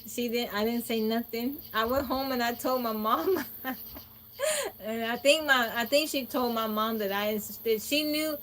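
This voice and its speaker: A woman hosting a phone livestream, telling a childhood story to her chat in a chatty, animated way with laughs. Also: fairly high pitch, a little slow, slight background noise. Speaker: livestream host. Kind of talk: casual storytelling to a live chat. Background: crickets and insects.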